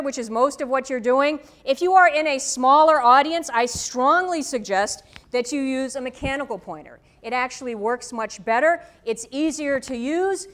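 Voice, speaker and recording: A woman's voice: high voice, fairly bright tone. A woman professor giving a classroom lecture to students, firm and direct, checking in with "okay?" often. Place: lecture room. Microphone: microphone, tethered.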